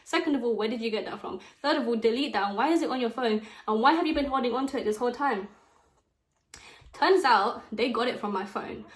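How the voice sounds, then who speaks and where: A young woman with a British accent telling a story time in a chatty, dramatic way, with quick asides. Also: a little high. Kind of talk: casual storytime chat while doing makeup. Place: bedroom at home. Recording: echoey room.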